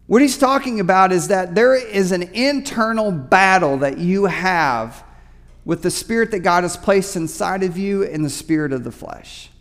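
A man's voice: high-pitched, animated, normal speed, a bit bright, in a large hall. A man preaching a sermon as pastor, talking conversationally and often repeating his words mid-sentence. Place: church sanctuary.

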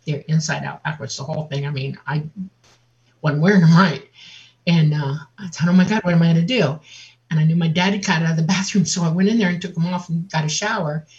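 A woman guest on an interview, telling a personal story in a lively way and acting out the voices of other people. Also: deep voice, fairly quick. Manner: vivid, laughs often, acts out quotes. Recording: dull lo-fi audio.

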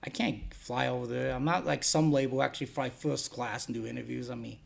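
A man's voice: medium pitch, steady tone, a little fast, vocal fry, slight background noise. A man being interviewed about running his DVD label, talking bluntly and rambling, swearing freely. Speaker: guest, DVD label owner. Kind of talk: casual interview chat.

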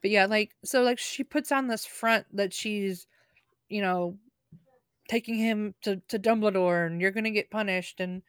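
A woman's voice: mid-range voice, moderate pace, clean tone, no echo. Chatty woman with a dry, close sound. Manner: chatty, many fillers and laughs. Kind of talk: casual book discussion.

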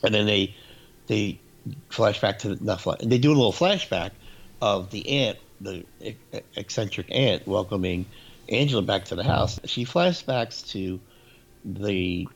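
A man's voice: fairly low pitch, unhurried. A man in casual chat who tells stories animatedly and acts out what people said, on a dull lo-fi recording. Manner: animated storyteller, acts out quotes.

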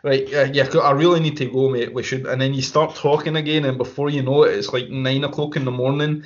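A man's voice: medium pitch, fairly even intonation, brisk. Scottish man, 20s, easygoing podcast co-host with a mid-range voice, on a dull lo-fi recording. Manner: laid-back, laughing easily, swears. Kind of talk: casual chat.

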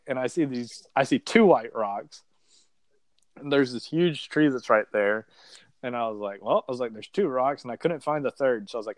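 This former contestant, a man with a mid-range voice, rambles through a story during a relaxed interview. He leans on "like" constantly and performs the quoted dialogue himself, and there's no room sound at all.

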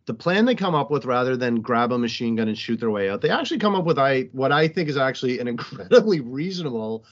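A man's voice: mid-range voice, quick pace. Man, podcast co-host, chatty movie recapper, a little muffled. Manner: animated, joking, recaps the plot. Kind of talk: casual movie review chat.

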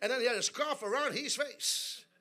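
Man preaching at church, really high voice, super bright and sharp, call and response, gets shouty. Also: moderate pace. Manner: humorous storytelling asides. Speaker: guest preacher. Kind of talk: sermon. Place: church service.

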